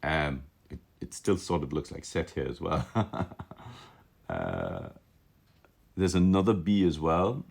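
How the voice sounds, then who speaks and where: A man's voice: rumbling low, very animated, slow pace, gravelly, long pauses, darkish tone, husky. A man teaching calligraphy on a live stream, musing aloud with enthusiasm, often restarting his sentences. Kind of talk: live-streamed lesson, casual commentary.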